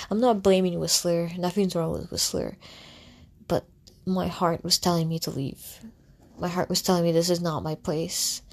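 Young woman, somewhat low voice, candid vlog storytelling, rambling, filler words, restarts. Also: darkish tone. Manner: candid and reflective. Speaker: content creator. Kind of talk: casual personal storytelling.

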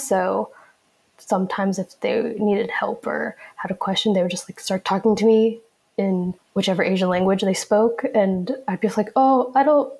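Soft-spoken reflective young woman. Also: medium pitch. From United States. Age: young adult. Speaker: podcast co-host. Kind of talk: casual podcast discussion.

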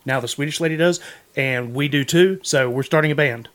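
A man's voice: fairly high pitch, a little fast, a bit bright. A man co-hosting a casual interview, bantering and joking as he asks questions. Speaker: co-host interviewer.

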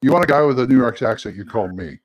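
A man's voice: mid-range voice, animated, fast talker. A man from California, a stage actor, chatting casually and playfully about doing accents. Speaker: podcast co-host, stage actor. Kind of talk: casual chat.

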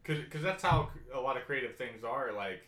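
A man's voice: medium pitch, lively intonation, a little fast, a bit bright. A man in a casual podcast chat, hesitant and searching for words with many fillers. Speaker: podcast co-host. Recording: echoey room.

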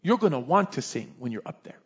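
A male pastor preaching a sermon in a lively, conversational way, often tossing in "right?" asides. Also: a little high, a little fast, breathy edge, muffled recording.

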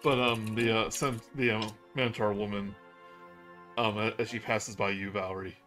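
A man's voice: lowish voice, steady tone, normal speed, fairly bright tone, soft background music. A man narrating a tabletop game as game master, loosely and full of fillers.

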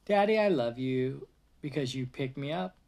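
A father reading a picture book aloud to his toddler in a gentle storybook voice, with a short cheerful hello to his viewers. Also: medium pitch, lively intonation, normal speed, vocal fry, a little hiss or hum.

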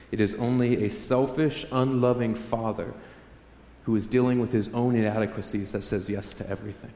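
A man's voice: medium pitch, a little mellow, slight background noise. A man preaching a sermon to a congregation, joking and acting out prayers in a raised voice. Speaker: pastor. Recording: echoey hall, faint room ambience.

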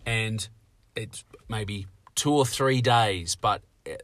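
A man's voice: on the low side, takes it slowly, fairly bright tone, no room sound. A man in casual chat, narrating a role-play game story in careful detail. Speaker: podcast co-host.

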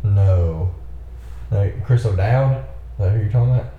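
A man's voice: lowish voice, normal speed, narrow, tinny audio. A man co-hosting a casual movie commentary chat, giggly and rambling, often restarting his thoughts. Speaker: podcast co-host. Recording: echoey room with faint background noise.

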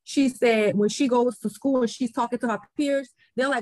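A woman's voice: fairly high pitch, fairly even intonation, fairly quick, a little mellow, dry recording, poor audio. A woman, a podcast guest telling a story. She acts out the voices of the people she quotes and often repeats her words. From New Orleans, US. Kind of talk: casual interview conversation.

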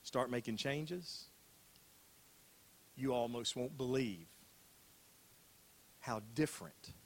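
This older pastor's sermon feels conversational, with phrases said again and questions asked rhetorically. He talks slowly at a medium pitch.

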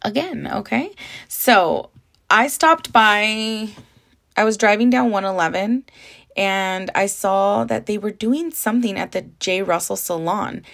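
A woman's voice: medium pitch, measured pace, gravelly, fairly bright tone. A young adult woman from the Southern California desert, hosting a casual solo podcast in a candid, chatty way that mixes in Spanish and swearing. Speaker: podcast host.

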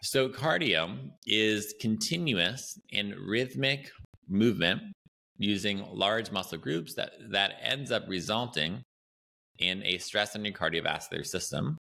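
A man's voice: on the low side, gravelly. A man hosting an educational podcast, talking casually and animatedly as he explains training ideas, often checking in with "right?". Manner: animated and chatty, often tags lines with "right?". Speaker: podcast host and Pilates educator.

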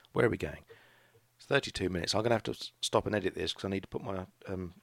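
Gravelly low-voiced man rambling. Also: quick pace, fairly bright tone, no echo. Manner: rambling, hesitant, with frequent restarts. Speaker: podcast host, craft shop owner. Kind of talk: casual solo podcast ramble.

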